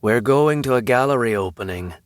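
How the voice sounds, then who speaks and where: A man voicing a huge, easygoing vampire husband in an audiobook, with casual, deadpan quips. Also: mid-range voice, unhurried, no echo, clean studio sound, close to an everyday voice.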